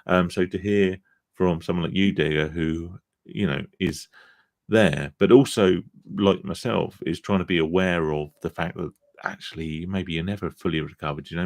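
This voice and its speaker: This dry recording captures a low-sitting male voice. He's running an informal gambling-recovery live stream, weary from a long day, talking in a chatty, self-mocking way and cursing offhandedly as he goes through comments from viewers.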